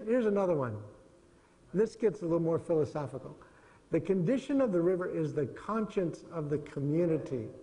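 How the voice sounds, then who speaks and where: A middle-aged man with a slightly high, warm voice gives a casual, conversational lecture in a lecture hall, the big-room sound audible. He wanders between points, chuckling as he goes.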